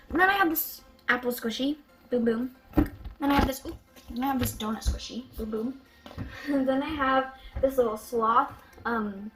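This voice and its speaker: A female vlogger chatting excitedly through a casual show-and-tell of her toy collection, with giggles and gasps along the way. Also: sits high.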